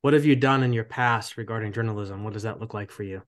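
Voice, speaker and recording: A man's voice: fairly low pitch, fast. A man hosting a podcast, interviewing a guest in a friendly, earnest way with frequent fillers. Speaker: podcast host.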